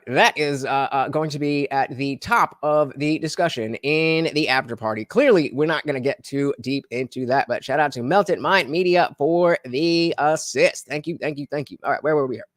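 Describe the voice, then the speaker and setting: A man hosting a livestream, reacting to a show and greeting chat viewers by name in an animated, repetitive way. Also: on the high side, normal speed, hardly any pauses, no room sound, clean studio sound. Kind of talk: casual livestream commentary.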